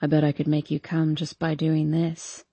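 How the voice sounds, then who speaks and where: A woman voicing a low, bossy young man. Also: monotone, normal speed, mellow, slightly rough, no room sound. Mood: low teasing. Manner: low murmuring delivery.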